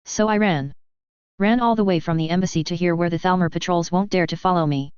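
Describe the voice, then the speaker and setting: A woman reading as a crude drunken male elf, rambling gossip, low voice, crisp, dull dry recording. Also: a little fast, a little mellow, no room sound, close to an everyday voice. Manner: slurred, crude, grumbling rant.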